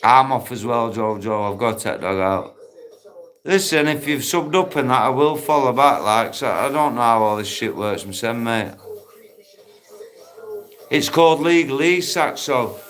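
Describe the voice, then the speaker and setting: A man's voice: mid-range voice, unhurried, fairly bright tone. A man chatting bluntly and matily to viewers on a live stream, swearing freely, speaking into a phone outdoors in a park. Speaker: livestream host.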